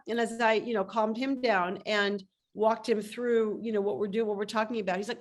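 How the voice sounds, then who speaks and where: A woman's voice: medium pitch, moderate pace, few pauses. A woman coach speaking emphatically as a guest on a video call interview, telling stories with lots of energy. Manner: animated, emphatic storytelling. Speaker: startup coach.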